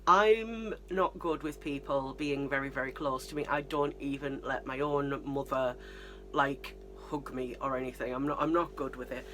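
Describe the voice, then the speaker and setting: A woman's voice: rumbling low, fairly even intonation, normal speed, fairly bright tone, a little hiss or hum. Chatty British woman telling stories. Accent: British English. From Britain. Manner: chatty, rambling, self-deprecating, laughs between phrases. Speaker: vlogger. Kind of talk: casual storytelling to camera.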